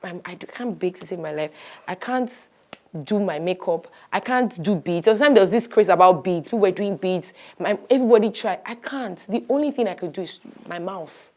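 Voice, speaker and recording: A woman pastor in her thirties giving a personal testimony, animated and storytelling, acting out the voices she quotes. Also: medium pitch, fairly quick. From Nigeria.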